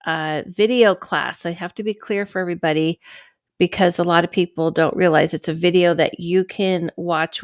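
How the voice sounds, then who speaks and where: Woman podcast host, chatty and rambling, smooth even tone, dry sound. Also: medium pitch, dry recording. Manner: chatty and rambling, with frequent asides and self-corrections. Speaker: podcast host and psychic medium. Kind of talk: casual podcast chat. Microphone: camera microphone.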